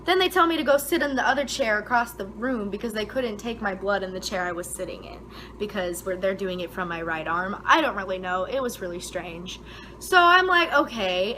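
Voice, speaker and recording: A woman's voice: a little hiss or hum, low-quality recording. A young woman vlogger telling a story in a casual, dramatic way, full of "like" fillers, her voice leaping up when she quotes herself. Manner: animated, dramatic retelling with frequent "like" fillers; voice jumps high and loud when quoting herself.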